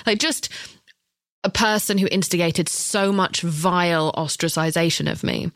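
A woman's voice: fairly low pitch, a little slow, fairly bright tone, no room sound, clean studio sound. A woman, a guest actress telling a candid story in casual chat, swearing freely and acting out the voices of the people in it.

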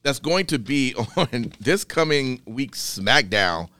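A man's voice: mid-range voice, very animated, takes it slowly, bright, forceful tone, no echo, clean studio sound. A man hosting a podcast, laid-back and agreeable, steering the show between segments. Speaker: podcast host.

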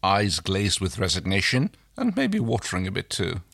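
Bright, husky man in dry sound. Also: low-pitched, wildly swooping pitch, moderate pace, dry recording. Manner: laughing, self-deprecating. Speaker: podcast co-host. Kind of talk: casual reading and banter.

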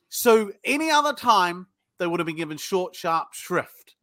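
A British man with a high, bright voice, talking bluntly and swearing freely as he tells sales stories in a casual interview. The sound is close and dry, with no room around it. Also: big pitch swings, a little slow, dry recording. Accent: British English. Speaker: sales trainer guest.

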